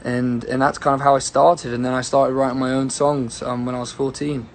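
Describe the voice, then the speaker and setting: Young male singer-songwriter, casual and rambling, mid-pitched, phone livestream chat. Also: level tone, a little fast, a little hiss or hum. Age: young adult. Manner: rambling and easygoing, greeting viewers by name. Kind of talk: casual livestream chat answering viewer questions.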